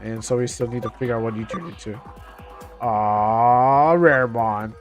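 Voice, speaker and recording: A man's voice: mid-range voice, normal speed, faint music behind. Stumbling young male game streamer. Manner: stumbling, restarting words while reading aloud. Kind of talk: casual gameplay commentary, reading game text aloud.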